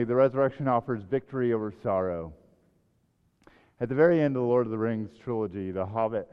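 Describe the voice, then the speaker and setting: Male preacher, sermon, swells loud on scripture and drops soft to reflect; muffled sound with a long hall echo. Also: mid-range voice, clear, resonant tone. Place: church sanctuary. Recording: echoey hall, dull sound.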